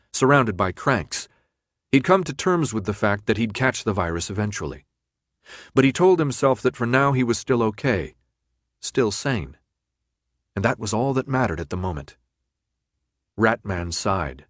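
A man narrating an audiobook in a measured, expressive reading. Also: fairly low pitch, dry recording, clean studio sound.

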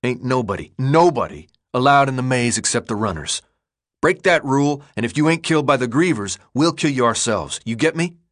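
A man reading a gruff teenage boy leader who speaks in a clipped, rural drawl full of slang and gives blunt orders. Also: medium pitch, animated, moderate pace, a bit bright, close to an everyday voice. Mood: stern.

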